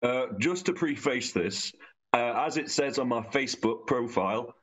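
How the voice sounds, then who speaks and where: A man's voice: medium pitch, lively intonation, normal speed, a bit bright, slightly rough. A man voicing a brash, crude male comedian pundit, ranting bluntly in improvised role-play.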